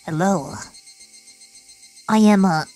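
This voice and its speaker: Young woman streaming, playful, talks slow and easy. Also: mid-range voice, a little mellow, soft background music, poor audio. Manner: playful, testing voice filters. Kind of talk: casual stream chat.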